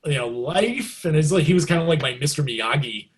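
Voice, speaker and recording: A middle-aged man, a guest musician, telling stories in a casual interview, loose and chatty, jumping into excited quoted reactions. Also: a little high, fairly quick. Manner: loose and chatty, many likes and you knows.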